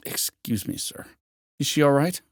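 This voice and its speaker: A man's voice: mid-range voice, sing-song, moderate pace, vocal fry, dry recording, clean studio sound, voice pushed up. A man voicing a cautious male aide who speaks politely and deferentially in an audiobook.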